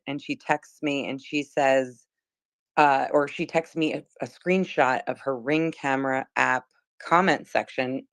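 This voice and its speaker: A woman's voice: sits low, no room sound. A woman in her forties from South Jersey, casually recounting what she saw, chatty and rambling with many fillers. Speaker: witness.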